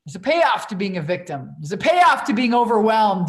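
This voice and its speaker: A woman's voice: medium pitch, very animated, moderate pace, few pauses. A woman in her forties, a business coach on a livestream Q&A, talking in a blunt, profane, emphatic way. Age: 40s.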